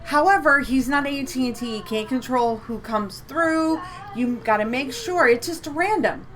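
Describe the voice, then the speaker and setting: A woman's voice: sits high, moderate pace, a bit bright, slight background noise. A woman co-hosting a live psychic reading stream from home, chatty and upbeat, repeating words for emphasis. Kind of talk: casual live-stream chat.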